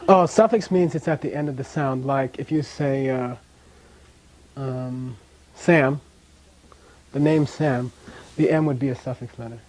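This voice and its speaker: Relaxed male teacher, mellow voice. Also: medium pitch, unhurried, long pauses, low-quality recording. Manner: relaxed, casual, checks in with "okay?". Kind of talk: classroom language lesson. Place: classroom with students.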